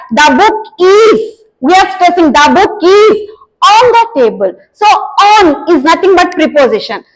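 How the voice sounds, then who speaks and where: A woman teacher with an Indian English accent and a very high voice walks students through exam topics. She defines each term in turn, often with "nothing but", in a steady explanatory lecture. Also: poor audio.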